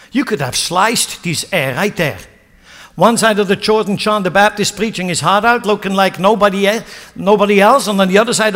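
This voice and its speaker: A man's voice: high voice, lively intonation, a little fast, fairly bright tone. A male pastor preaching a sermon, dramatic and acting out the voices of people in the scripture. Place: church hall. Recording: long reverb of a church hall.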